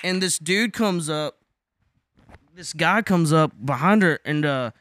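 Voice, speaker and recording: A man's voice: fairly high pitch, lively intonation, a little slow, fairly bright tone, no echo. A young man telling a wild party story in casual chat. He swears a lot, laughs often and talks animatedly.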